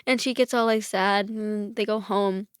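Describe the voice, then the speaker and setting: A woman's voice: medium pitch, fairly even intonation, moderate pace, clear, resonant tone, dry recording, clean studio sound. A woman chatting casually on a podcast, retelling a story in a rambling way with lots of fillers. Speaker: podcast guest. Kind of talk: casual chat.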